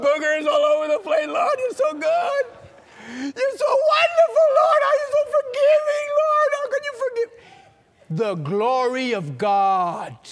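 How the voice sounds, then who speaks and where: A man preaches with dramatic energy, throwing questions at his congregation. His voice sits very high and swings widely in pitch. The sound carries a long reverb, as in a large hall. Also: fairly bright tone. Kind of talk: sermon.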